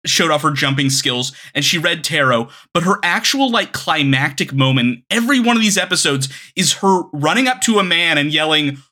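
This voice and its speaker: A man's voice: on the high side, animated, brisk, hardly any pauses, bright, forceful tone. A man co-hosting a podcast, chatting casually and swearing freely. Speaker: podcast co-host. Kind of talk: casual chat.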